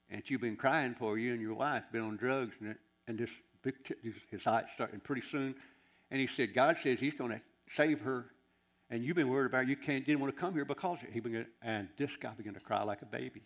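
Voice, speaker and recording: A man preaching a sermon, telling a long story in a rambling, animated way with asides and laughter. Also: medium pitch.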